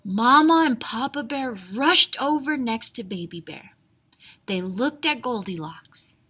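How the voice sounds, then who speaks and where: A woman teacher reading a storybook aloud to young children, animated, with whispered asides. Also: fairly high pitch, a little slow, husky.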